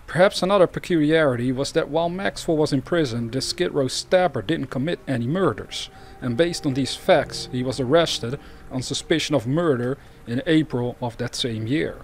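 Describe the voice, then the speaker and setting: A man reads true crime cases aloud at an ordinary middle pitch. He keeps stopping to wander into rambling, conversational remarks before returning to the text. He sounds like a channel host talking straight to his viewers. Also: moderate pace, slight background noise. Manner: breaks off from reading into rambling, chatty asides.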